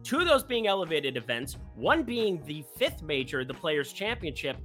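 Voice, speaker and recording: Jokey golf betting host, bright voice, lots of up and down, phrases rising like questions. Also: mid-range voice, big pitch swings, moderate pace, faint music behind. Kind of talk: casual golf betting picks.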